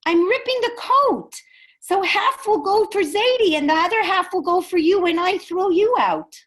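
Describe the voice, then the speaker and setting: A woman voicing an excited little grandson in an acted-out story during an online class, talking in a breathless, urgent, blunt way. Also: very high-pitched, moderate pace, voice pushed up.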